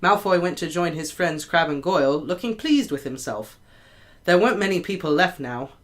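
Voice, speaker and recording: Reading a novel chapter casually, this amateur stumbles over the odd word and corrects it on the spot. They speak at a normal pace with medium pitch and lively intonation.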